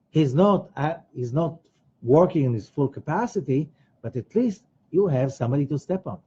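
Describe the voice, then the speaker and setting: Husky man teaching emphatically. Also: a little high, warm tone. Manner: emphatic, repeats phrases, acts out quoted voices. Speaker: Kabbalah teacher. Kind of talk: teaching a weekly study class. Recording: dull lo-fi recording.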